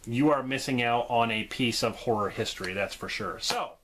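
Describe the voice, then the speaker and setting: A man reviewing horror movies in a casual vlog, enthusiastic and quick to laugh. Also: medium pitch, background noise. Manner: enthusiastic, laughs often, acts out quotes.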